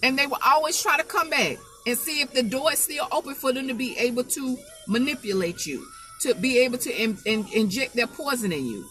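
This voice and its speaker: A woman with a high, bright voice delivers a conversational sermon straight to her listeners. She talks in a folksy, down-to-earth way, hammering her points by repeating them. Soft music plays underneath. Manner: emphatic, repeats phrases for emphasis. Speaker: preacher. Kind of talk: informal spoken sermon.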